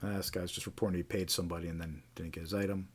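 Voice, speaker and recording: A man's voice: deep voice, level tone, racing, a little hiss or hum. A man hosting a live stream, casually reading out reports with frequent fillers and restarts. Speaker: host.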